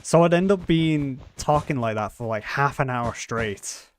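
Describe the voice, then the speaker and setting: Speaking unhurriedly in a medium-pitched voice with lively intonation, a man chats casually on a live stream over a slight hiss or hum. His talk rambles, trails off and restarts often, and by his own account it's full of quirks.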